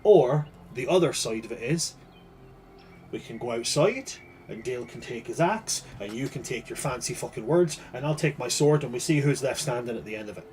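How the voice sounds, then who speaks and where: A man's voice: mid-range voice, lively intonation, normal speed, a little mellow, slight background noise, lightly acted. A man voicing a furious, foul-mouthed king. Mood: threatening. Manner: swears freely, blunt and commanding. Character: gruff furious older male king, blunt and profane. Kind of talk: voicing a character at a tabletop game.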